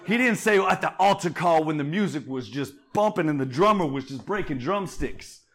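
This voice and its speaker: A man's voice: on the high side, animated, moderate pace. A pastor preaching a sermon, calling out to the congregation as he builds to fervent peaks. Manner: call-and-response preaching, rising to fervent shouts.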